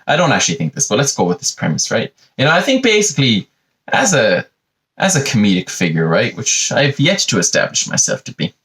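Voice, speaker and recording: A man's voice: mid-range voice, wildly swooping pitch, brisk, a bit bright. A young Irish man hosting a solo comedy podcast from his bedroom, rambling and sardonic, with constant "you know" asides. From Ireland. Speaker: podcast host. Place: bedroom at home.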